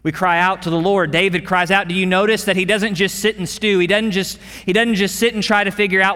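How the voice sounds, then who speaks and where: A pastor delivering an earnest sermon, repeating words and dropping to a hush for emphasis. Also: male voice, high-pitched, steady tone, fast talker, hardly any pauses, long reverb tail. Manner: earnest, with repeated words and dramatic drops in volume.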